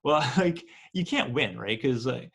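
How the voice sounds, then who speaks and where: A man's voice: mid-range voice, expressive, a little slow, gravelly, a bit bright, breathy edge. Laid-back Canadian man chatting. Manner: laid-back, many filler likes and restarts. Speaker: podcast co-host. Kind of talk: casual chat.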